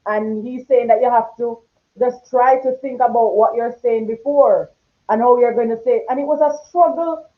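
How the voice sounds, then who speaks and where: This female talk show host speaks at a moderate pace with a fairly high pitch, her tone strong and forceful. When passion takes over she gets loud, and the casual chat comes through a video call on a tinny, phone-like line.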